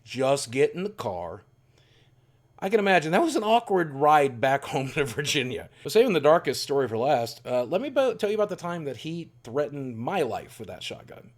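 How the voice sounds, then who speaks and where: A man's voice: a little high, big pitch swings, brisk, few pauses. A man in his forties telling a candid, rambling personal story in a self-deprecating way. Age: 40s. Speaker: YouTuber.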